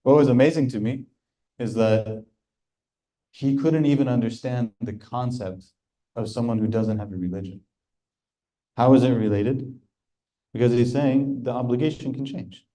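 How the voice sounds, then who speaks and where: Male teacher, conversational storyteller; lowish, very dark and mellow tone. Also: low-quality recording. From United States. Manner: conversational, chuckles while telling stories. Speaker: religious teacher. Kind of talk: storytelling lecture.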